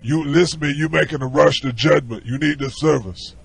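A brash, stammering phone rep who argues with every caller in ungrammatical slang, as a man puts him on. His voice is deeply gravelly and husky, pitched a little high. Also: brisk, dry recording. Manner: stammering, argumentative, ungrammatical street talk. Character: brash rude male customer service rep, middle-aged. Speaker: prank caller. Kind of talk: prank call.

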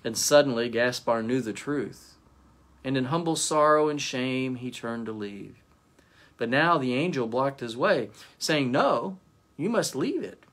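A male pastor reading a story aloud as a devotion, in a gentle storytelling manner. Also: medium pitch, unhurried.

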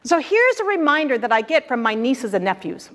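Woman minister giving a spiritual talk, high voice, chatty and expressive, big hall reverb. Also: fairly quick. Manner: expressive, conversational, with playful asides. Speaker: guest minister.

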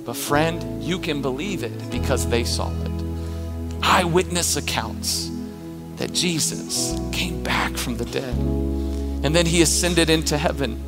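A man's voice: fairly high pitch, measured pace. A man preaching an emphatic, passionate sermon as pastor of his church. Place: church auditorium. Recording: long church reverb with music.

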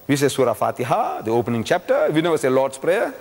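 An older man giving a religious public lecture, telling a story with lively teasing questions to the audience. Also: fairly high pitch, quick pace, gravelly, few pauses. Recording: long reverb of a lecture hall.

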